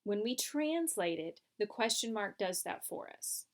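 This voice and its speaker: A woman's voice: medium pitch, sing-song, measured pace. A woman teaching a French lesson, explaining patiently step by step over slides. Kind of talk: recorded classroom lesson.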